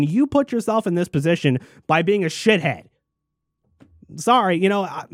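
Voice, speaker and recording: A man's voice: high voice, no room sound, studio quality. A man ranting angrily in political commentary, swearing constantly and mocking people in sneering voices. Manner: angry, profane, mocking mimicry.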